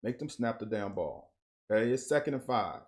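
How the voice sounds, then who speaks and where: A man's voice: mid-range voice, moderate pace. Blunt man breaking down football film. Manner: coach-like, blunt, animated on big plays. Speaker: host breaking down game film. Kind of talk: casual football film commentary.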